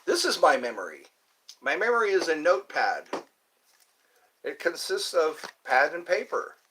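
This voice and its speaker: An older man hosting a live stream, chatting casually with viewers in a rambling, playful way and slowly sounding out their names. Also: on the high side, sing-song, bright, forceful tone, a little hiss or hum, poor audio.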